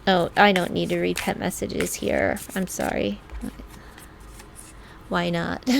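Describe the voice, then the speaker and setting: A woman's voice: on the low side, vocal fry, a little hiss or hum. A woman giving a casual tarot reading in a chatty way, laughing often and acting out what people might say. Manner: chatty, laughs often, acts out quoted lines; slow, drawn-out talk. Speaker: tarot reader.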